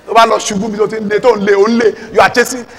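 Nigerian pastor guy preaching hard, high voice, loud then pleading, big hall echo. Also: flat delivery, rapid-fire. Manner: emphatic preaching, swings between loud exhortation and low pleading. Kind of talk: sermon. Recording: long reverb of a large hall.

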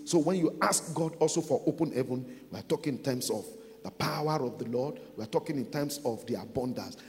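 A man preaching a sermon, building from calm teaching to loud, emphatic declarations. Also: mid-range voice, fairly quick, big-room sound.

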